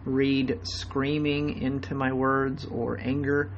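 A man talking in a flat, deadpan, plain-spoken way during a call, heard through dull, lo-fi call audio. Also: medium pitch, slow, a little hiss or hum. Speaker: interviewer, former Mormon. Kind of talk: conversation over a call. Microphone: phone or video call.

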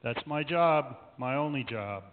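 A woman voicing a hushed, patient divine voice. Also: expressive, measured pace, slight background noise. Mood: warm, assuring. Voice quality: soft and hushed, lower than her own voice. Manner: kind, probing questions. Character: gentle unseen divine voice directing a play, ageless, patient. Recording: echoey church over a tinny line.

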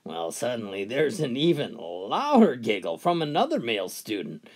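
Male joke teller, folksy and drawn out, very lively pitch. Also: husky. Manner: folksy, drawn-out delivery, pitch swinging widely between characters. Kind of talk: storytelling jokes with character voices.

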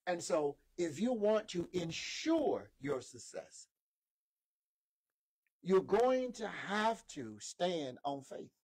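A man with a notably high voice preaches a sermon. He hammers points with repetition and pulls call-and-response answers from his listeners. The sound comes through a modest microphone. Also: big pitch swings, slow, darkish tone, slightly rough. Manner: emphatic, repeats key lines, call-and-response with listeners. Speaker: preacher and lead instructor.

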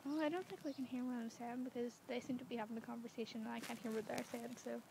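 A young woman from the UK vlogging into her phone in a public street, talking quietly and self-consciously, rambling and often slipping into a whisper. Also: fairly high pitch, steady tone, quick pace, vocal fry, background noise. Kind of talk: casual vlog to phone. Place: outdoors in public, residential street. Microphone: phone camera.

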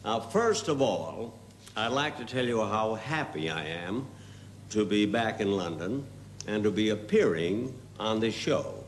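A man telling a slow, deadpan comic story as a guest comedian on a TV variety show, full of pauses and asides. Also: lowish voice. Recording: hissy 1970s TV broadcast recording.

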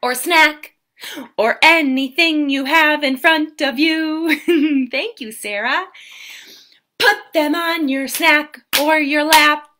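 A woman's voice: sits high, takes it slowly, sharp tone. A woman hosting a live-stream story time for preschoolers, with a sing-song, exaggerated way of talking to small children. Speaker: children's entertainer host.

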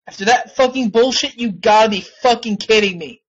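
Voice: medium pitch, normal speed, slightly rough. A host of a simulated wrestling show, swearing and ranting in frustration while commentating on play. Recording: dull lo-fi recording.

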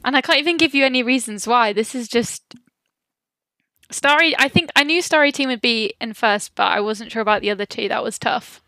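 A woman's voice: a little high, brisk, sharp tone, no room sound. A woman, a guest on a podcast, chatting casually, giggling and teasing herself. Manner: giggly, self-deprecating.

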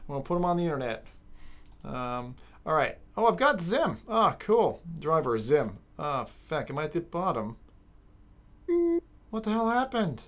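A woman streaming a racing game, chatting casually with her viewers in an excitable, joking way, swearing often. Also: low voice, unhurried. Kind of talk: casual live-stream chat while gaming.

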